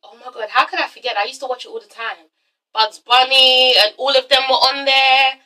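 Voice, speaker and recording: Bright, animated woman vlogger. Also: sits high, brisk, recorded from a distance, rough recording. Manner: animated, blunt, swears freely. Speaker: vlog host reviewing a reality TV show. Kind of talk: casual chat review.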